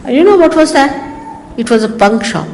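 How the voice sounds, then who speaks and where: A woman's voice: high-pitched, expressive, moderate pace, darkish tone. An Indian woman delivers a spiritual talk in a loose, chatty manner, drifting into teasing stories. Her Indian English accent carries through a long-echoing hall. A faint hiss from the old 1980s recording stays underneath. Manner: anecdotal storytelling, chatty and teasing. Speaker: spiritual teacher.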